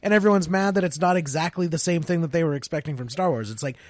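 A man co-hosting a podcast in casual chat, emphatic and contrarian, who keeps cutting in to press his point. His voice is fairly high for a man. The sound is dry and close, with no room echo. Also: fast talker. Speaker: podcast co-host.

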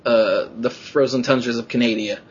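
A man hosting a podcast, chatting casually and telling excited stories in which he acts out quotes in a rising voice. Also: medium pitch, moderate pace, dull audio, slight background noise. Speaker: podcast host.

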